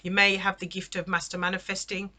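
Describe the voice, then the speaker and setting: Bright-voiced chatty woman tarot reader. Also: medium pitch, flat delivery, fast. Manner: chatty, exclamatory, keeps checking in with "okay?". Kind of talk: casual spoken tarot reading.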